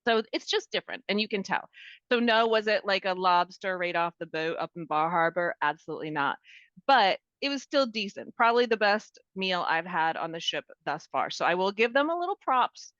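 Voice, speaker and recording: A woman's voice: mid-range voice, animated, a little fast, a bit bright, no echo. A middle-aged woman from Maine, co-hosting a travel podcast and chatting animatedly about a cruise. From Maine, USA. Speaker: podcast co-host. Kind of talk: casual travel chat. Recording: dull, dry lo-fi sound.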